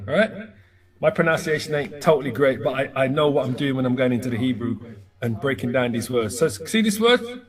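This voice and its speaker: A man teaching a casual Bible word study, halting and correcting himself as he repeats Hebrew sounds, sometimes laughing at his own pronunciation. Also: medium pitch, expressive.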